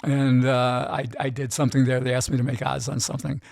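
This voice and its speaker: A middle-aged man, a gambling expert guest, telling an animated story in casual interview chat and often tagging his lines with "right?". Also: medium pitch, fairly quick, gravelly, no room sound, clean studio sound.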